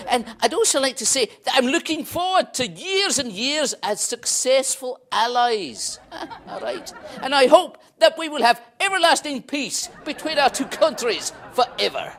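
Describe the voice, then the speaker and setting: Woman doing a jolly Scottish king. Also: high voice. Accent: put-on Scottish. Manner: hearty, chuckling.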